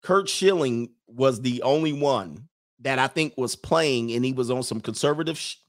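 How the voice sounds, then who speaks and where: A man's voice: medium pitch, animated, normal speed. A man with a mid-range voice talks in a loose, rambling way. He jokes his way through a casual rant as host, following one thought into the next without any script. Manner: loose, joking, rambling, laughs often.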